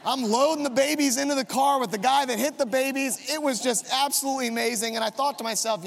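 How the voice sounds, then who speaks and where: High, gravelly pastor in a big hall. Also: male voice, fairly quick, hardly any pauses, a little hiss or hum. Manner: self-mocking, comic storytelling. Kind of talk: storytelling sermon. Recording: long reverb of a large hall.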